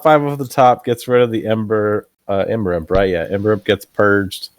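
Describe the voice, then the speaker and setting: A relaxed man with a lowish voice explains each card game play. The recording is dry and close. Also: moderate pace, no echo. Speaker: co-commentator. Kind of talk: casual card game commentary.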